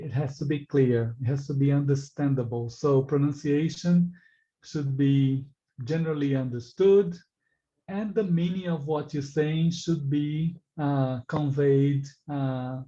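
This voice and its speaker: A man's voice: fairly high pitch, dark tone, highs cut off. A man teaching an English exam class, articulating his sounds with care and asking the students questions. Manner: slow, deliberately articulated teaching delivery; engaging, asks the class questions and reacts to answers. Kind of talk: live online class.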